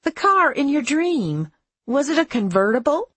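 A woman narrator voicing a placid, motherly older housewife who speaks calmly and gently. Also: high voice, normal speed, dry recording, voice pushed up. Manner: calm, gentle.

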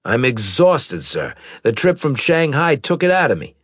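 A man's voice: mid-range voice, very animated, moderate pace, breathy edge, no echo, studio quality, pitched above the performer's own voice. A man voicing a weary, dutiful male sergeant who speaks tiredly and deferentially.

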